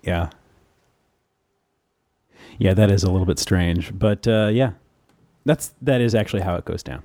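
Tech podcast host, male, lowish voice, dry close sound, chatty, easygoing, laughs a lot. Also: unhurried, warm tone, no echo. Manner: chatty, laughs often, many fillers. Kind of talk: casual tech podcast chat.

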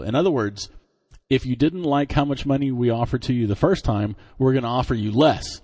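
A man's voice: medium pitch, fairly quick, darkish tone. A man co-hosting a news podcast, reading tech stories and adding dry, joking comments. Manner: dry, joking commentary between scripted items.

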